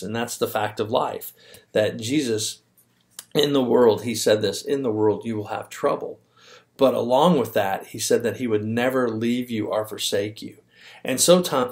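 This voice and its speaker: Man, low-ish voice, children's ministry teacher, animated casual storytelling with fillers. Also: vocal fry. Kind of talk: Bible lesson for young children.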